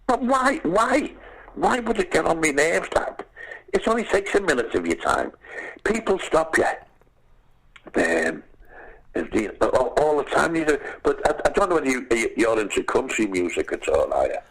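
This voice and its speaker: An older man with a Liverpool accent, telling anecdotes as a podcast guest, animated and calling the listener "lad". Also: a little high, normal speed, vocal fry, rough recording. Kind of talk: casual storytelling.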